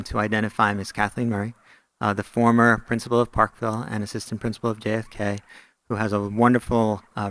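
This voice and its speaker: A man introducing a new colleague at a school board meeting, halting often with fillers. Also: lowish voice, fairly bright tone, no echo.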